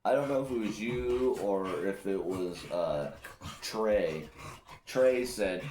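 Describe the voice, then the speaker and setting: A man with a very low voice tells rowdy stories in casual conversation, swinging his pitch widely as he gets into them. His talk is loose and full of swearing. The sound is echoey, with faint background noise. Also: slow pace. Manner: loose, profane, animated storytelling. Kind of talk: casual storytelling chat.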